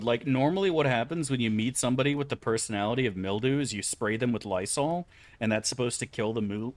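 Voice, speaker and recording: A man's voice: medium pitch, no room sound. A man from Florida chatting casually with viewers while streaming a game, rambling, offhand and full of swearing. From Florida, USA. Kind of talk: casual chat while gaming.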